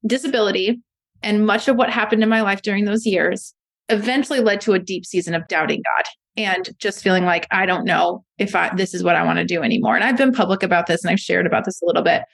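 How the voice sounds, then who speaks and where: A woman's voice: mid-range voice, fast talker, vocal fry. A woman in her thirties, a mother, speaking as a podcast guest and telling personal stories in an earnest, reflective way. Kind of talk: conversational interview.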